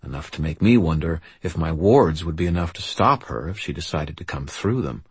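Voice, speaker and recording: Deep, husky male audiobook narrator. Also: expressive, fairly quick, a little mellow, dry recording. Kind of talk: scripted first-person audiobook narration.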